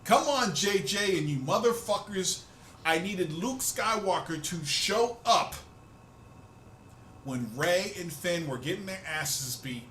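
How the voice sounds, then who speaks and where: Excitable swearing man with a high, bright voice in an echoey room; ranting vlog host. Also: slow, slight background noise. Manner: loud, excitable, swearing freely. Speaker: host of a rant video. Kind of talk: profane fan rant.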